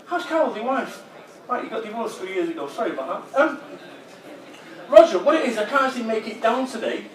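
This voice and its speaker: A man's voice: high voice, big pitch swings, brisk, voice pushed up. A man voicing an apologetic, evasive male company director on the phone, hesitant and full of ums. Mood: awkward apology. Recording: roomy hall, voice far from mic.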